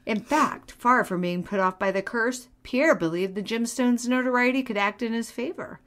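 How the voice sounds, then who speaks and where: A woman's voice: a little high, moderate pace, fairly bright tone. A woman co-hosting a podcast, chatting casually and reading bits of an article aloud, with sarcastic asides and frequent laughs. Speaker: podcast co-host.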